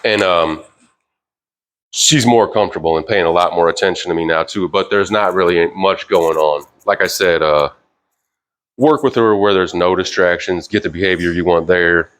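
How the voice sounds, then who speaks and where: Deep-voiced man teaching dog training. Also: moderate pace. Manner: relaxed, rambling with fillers, sharp higher commands to the dog. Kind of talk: casual instructional talk. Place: indoors with a dog.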